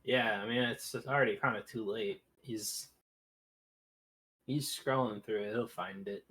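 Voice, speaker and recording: Slow-talking man at a tabletop game. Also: lowish voice, steady tone, a bit bright, a little hiss or hum, low-quality recording. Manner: laid-back, joking, swears. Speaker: player. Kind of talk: casual chat at a tabletop game.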